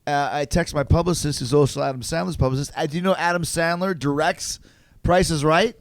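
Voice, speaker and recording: A man's voice: a little high, a little fast, no room sound. Emphatic, swearing man on a podcast. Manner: animated, emphatic and profane. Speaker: guest. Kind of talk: casual podcast chat.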